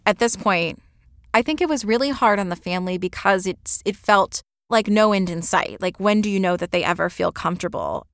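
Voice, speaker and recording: A woman reporter telling the story in a measured, conversational way. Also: mid-range voice, no echo, studio quality. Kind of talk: reported narration.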